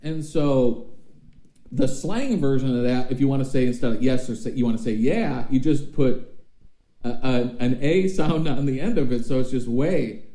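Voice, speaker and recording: A man in his thirties with a Wisconsin Midwestern accent, a podcast guest telling stories in a lively, slangy way. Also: medium pitch, moderate pace, reverberant, low-quality recording. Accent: Wisconsin Midwestern American. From Wisconsin, USA. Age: 30s. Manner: animated storyteller, slangy, says dude. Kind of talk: casual podcast chat.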